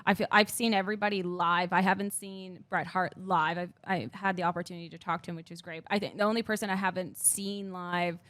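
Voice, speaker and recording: A woman from Ontario telling excited stories in a casual interview, acting out quotes in lively voices. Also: fairly low pitch, fairly quick, hardly any pauses, no echo. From Canada (Ontario). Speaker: guest, wrestling interviewer and host. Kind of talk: casual conversation.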